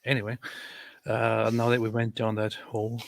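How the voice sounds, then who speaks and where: A man's voice: on the low side, monotone, normal speed, creaky. A man hosting a casual live stream, reading out viewer comments with stammering, joking asides. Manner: stammering, jokey, reads comments aloud with dry asides. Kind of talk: casual chat. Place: live stream, sharing his screen.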